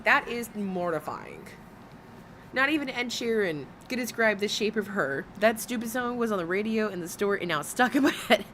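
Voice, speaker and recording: A woman's voice: mid-range voice, expressive, normal speed, a bit bright, slight background noise. A woman commentating on clips in a reaction video, sarcastic and blunt with profane rants.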